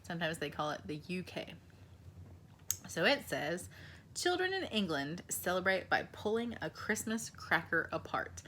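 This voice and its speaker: Woman, young adult, kids' teacher; low-pitched, slow and encouraging, faint noise under her voice. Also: sing-song, bright, forceful tone. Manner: slow, encouraging, asks children questions. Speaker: preschool teacher. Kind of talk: children's lesson.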